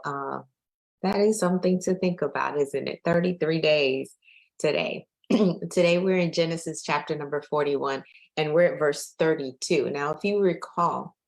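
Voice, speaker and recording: A woman's voice: deep voice, low-quality recording. A woman faith coach leading a live-streamed daily prayer, speaking conversationally, welcoming listeners and repeating her invitations, with some fillers. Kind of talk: live-streamed devotional talk.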